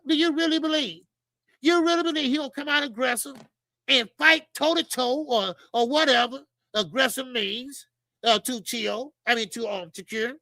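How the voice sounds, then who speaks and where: A high-pitched woman with a bright, sharp voice hosting a boxing show, recorded close and dry. She delivers blunt, profane commentary full of rhetorical questions, talking straight to her viewers. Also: no room sound, low-quality recording. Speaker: boxing channel host. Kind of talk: opinionated commentary monologue.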